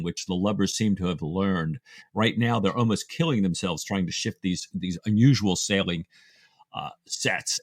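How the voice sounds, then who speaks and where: A man's voice: fairly low pitch, no echo, clean studio sound. A man co-hosting a podcast, recapping a novel's plot in an easygoing, self-deprecating way. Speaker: podcast co-host. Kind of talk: casual book discussion.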